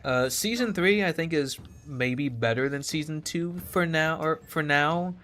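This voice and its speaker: A man's voice: on the high side, measured pace, fairly bright tone. A man ranting casually to his stream chat, sarcastic, swearing freely, laughing often.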